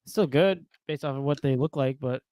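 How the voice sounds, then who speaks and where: A man's voice: mid-range voice, moderate pace, a little mellow, dry recording. A young man co-hosting a casual sports podcast, keeping the show moving in an upbeat, joking way. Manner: upbeat, steers the show, jokey. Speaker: podcast co-host.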